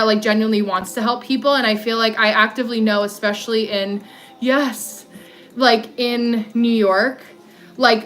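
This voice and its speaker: A woman's voice: mid-range voice, fairly bright tone. Woman, 30s, alto, rambling walk-and-talk streamer, faint music underneath. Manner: rambling, heavy on "like" fillers, answering viewer comments. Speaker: livestream host. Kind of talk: casual livestream chat. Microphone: phone livestream.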